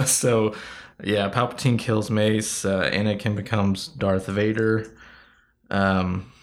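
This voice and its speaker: A man's voice: on the low side, level tone, slow pace. Man recapping a plot casually. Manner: recaps plot, laughs easily. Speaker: podcast co-host. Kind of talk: casual chat.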